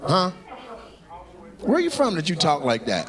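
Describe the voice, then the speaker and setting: Guy comedian doing crowd work, raunchy and teasing, slow drawl that jumps all over, noisy club recording. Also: a little high, wildly swooping pitch. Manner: brash, profane teasing of audience members. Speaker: stand-up comedian.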